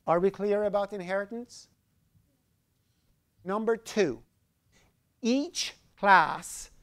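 A man with an Iranian accent lectures a university class in a high-pitched, slightly bright voice, speaking slowly with long pauses. He explains ideas through everyday examples and often checks whether students are following.

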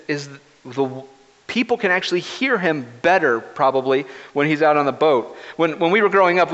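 Male pastor, relaxed storytelling sermon, long hall echo, muffled livestream audio. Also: on the high side. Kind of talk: conversational sermon. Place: church sanctuary. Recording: reverberant, dull lo-fi livestream audio.

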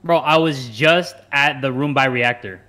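A man's voice: mid-range voice, measured pace, pushed and bright. A man accused in a group game, denying it with a half-laughing defense.

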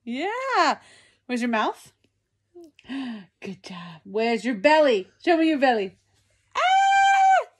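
A woman's voice: fairly high pitch, big pitch swings, takes it slowly. A young woman filming her toddler at home on a phone, talking to him in coaxing, sing-song baby talk. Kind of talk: home video chat with a baby.

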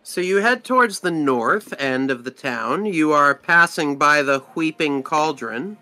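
A man running a tabletop role-playing game, narrating scenes in an easygoing way with plenty of fillers. His voice is bright and fairly high, and soft music plays under it. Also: a little slow. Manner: relaxed, with frequent fillers. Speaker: game master.

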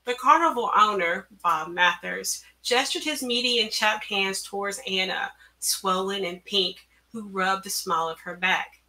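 A woman author reading her own story aloud, measured and careful, at an online event through a computer mic. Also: mid-range voice, pushed and bright. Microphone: computer mic on a video call.

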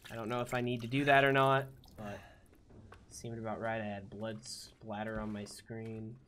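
A man giving live gameplay commentary as a let's play gamer, jumpy and swearing often with loud startled outbursts. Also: fairly low pitch, level tone, moderate pace, a little hiss or hum.

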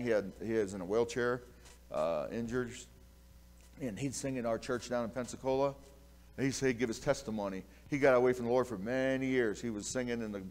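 A man's voice: medium pitch, darkish tone. Folksy preaching pastor, man. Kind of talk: sermon.

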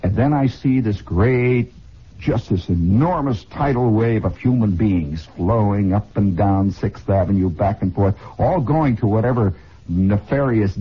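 A man in his forties from the United States, hosting a rambling comic radio monologue as an excitable, digressive storyteller, heard on a dull 1960s broadcast. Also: medium pitch, husky. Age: 40s. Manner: excitable, digressive storyteller who repeats and restarts. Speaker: radio host.

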